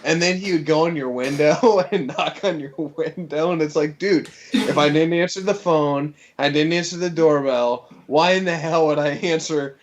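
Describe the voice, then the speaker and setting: A man's voice: a little high, normal speed. A man chatting casually as a livestream guest, laid-back, laughing often and swearing loosely. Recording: dull lo-fi audio.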